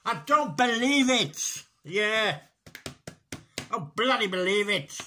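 A man's voice: sits high, sing-song, slow pace, sharp tone, slight background noise, heavily acted. A man putting on a grumpy older man who rants and repeats himself in a comic one-sided phone complaint about a garage. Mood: exasperated. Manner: exasperated ranting, repeats himself and swears mildly.

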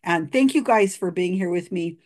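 A woman's voice: lowish voice, moderate pace, darkish tone. A tired woman hosting a casual video commentary, chatty and laughing often between fillers. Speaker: video host reviewing a psychic reading.

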